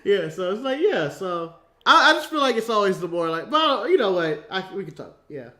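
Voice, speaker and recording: Brief: American male co-host, high voice, laughs a lot, animated storytelling. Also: moderate pace. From United States. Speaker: podcast co-host. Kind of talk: casual chat.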